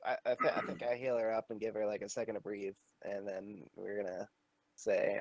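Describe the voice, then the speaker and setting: A man's voice: lowish voice, brisk, a little hiss or hum, low-quality recording. A man chatting casually as a player in a tabletop game, stumbling over restarts. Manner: animated, laughing, stumbling restarts.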